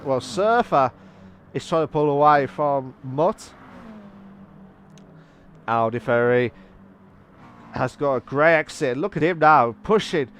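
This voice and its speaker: A man with a high-pitched voice calls a sim race live, excitable and rambling, catching and correcting his own slips as he goes. Faint engine noise runs underneath. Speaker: race commentator. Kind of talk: live sim racing commentary.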